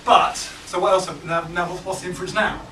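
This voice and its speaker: A man leading a songwriting workshop for a small group, talking in a relaxed, halting way with plenty of ums and restarts. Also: sits high, recorded from a distance. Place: large hall with a small group. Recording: echoey room, picked up from afar, noisy.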